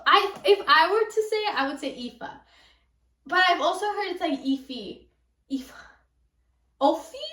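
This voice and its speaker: A woman's voice: sits high, a bit bright. A young woman with a Californian accent, chatting casually about a book she just finished, rambling and gushing with lots of fillers. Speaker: book vlogger. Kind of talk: casual book review chat. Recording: echoey room, a little far from the mic.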